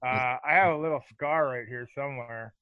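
On a podcast, a middle-aged man who used to fight in hockey rambles through profane stories at a normal speed, laughing along the way. His voice is medium-pitched with no echo, and the casual interview has a dull, dry, lo-fi quality.

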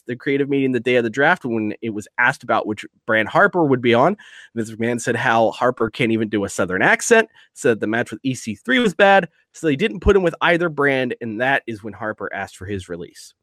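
Animated, ranting podcast host, a man. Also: medium pitch, a little fast, no echo, clean studio sound. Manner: ranting, sarcastic, swears, reads news aloud. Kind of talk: casual podcast chat.

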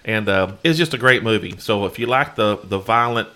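Bright-voiced male podcast co-host. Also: fairly low pitch, a little fast. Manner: rambling, many fillers and restarts. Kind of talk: casual podcast chat.

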